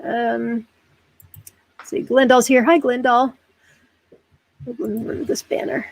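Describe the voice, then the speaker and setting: A woman's voice: a little high, level tone, measured pace, creaky, no echo. Woman, American accent, podcast host, bubbly and self-deprecating, dry close mic. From United States. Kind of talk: casual chat.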